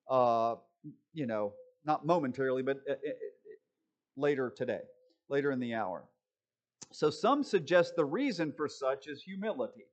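A male preacher in a relaxed, conversational sermon, his voice a touch higher than most men's. His pitch rises and falls widely as he talks. He keeps his listeners close with self-deprecating stories and frequent check-ins. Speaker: preacher teaching a Bible study.

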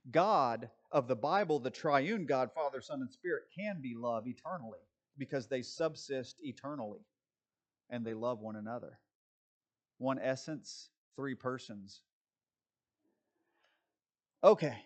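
A male pastor preaches by posing rhetorical questions to his listeners, answering them himself and slipping in wry, joking asides. His medium-pitched voice is animated and unhurried, with long pauses.

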